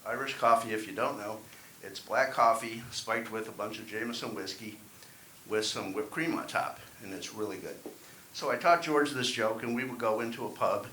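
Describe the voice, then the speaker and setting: A man's voice: lowish voice, normal speed, sharp tone. Wry man doing stand-up. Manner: wry, self-deprecating storytelling. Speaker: stand-up comedian. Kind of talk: stand-up set at open mic. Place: open mic club. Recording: echoey room, faint hiss.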